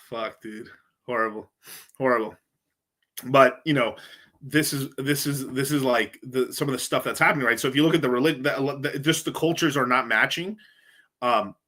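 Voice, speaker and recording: A man's voice: mid-range voice, pushed and bright. A man from the United States, a crypto livestreamer, ranting casually with lots of swearing, rambling and frequent laughter. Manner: profane, rambling, laughs often.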